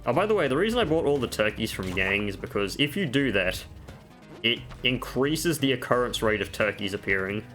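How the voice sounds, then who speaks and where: A man's voice: medium pitch, animated, brisk, fairly bright tone, faint music behind. A man giving casual gameplay commentary at home, chatting through game tips with offhand self-mocking jokes. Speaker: gaming video creator. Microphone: desk microphone.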